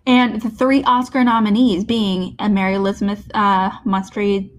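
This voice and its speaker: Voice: mid-range voice, little pitch movement, moderate pace, a little hiss or hum. A person co-hosting a podcast in casual movie chat, talking hesitantly with many restarts. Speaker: podcast co-host.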